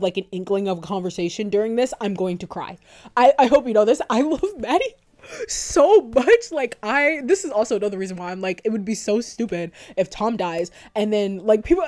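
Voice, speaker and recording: A woman's voice: medium pitch, darkish tone. A young woman YouTuber giving casual fan commentary, gushing and rambling, often breaking into laughs.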